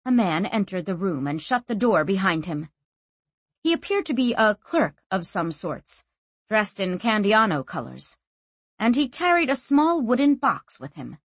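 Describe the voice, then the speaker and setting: A woman narrates a fantasy audiobook in a measured, quietly expressive voice. Her tone is husky and breathy at a middle pitch, and the recording is dry and close. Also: no room sound.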